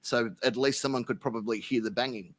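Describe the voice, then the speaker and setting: A man's voice: mid-range voice, fairly even intonation, fast, a bit bright. An Australian man, a podcast guest, telling a rambling, profane anecdote in casual chat. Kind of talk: casual storytelling.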